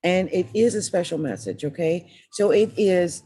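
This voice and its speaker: A tarot reader and astrologer gives a casual reading in a lowish, mellow, husky voice at a moderate pace with hardly any pauses. She's chatty and emphatic, often repeating the sign's name. Her voice is dry, with no room sound.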